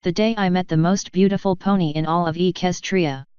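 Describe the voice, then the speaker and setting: A woman's voice: fairly low pitch, steady tone, brisk, darkish tone, smooth, dry recording, highs cut off, close to an everyday voice. A woman voicing an earnest young male pony who is smitten and eager.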